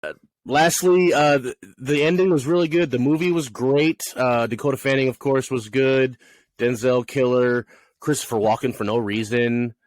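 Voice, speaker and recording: A man co-hosting a casual movie review podcast, rambling and animated, often laughing and acting out lines. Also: mid-range voice, normal speed, no room sound. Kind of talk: casual chat.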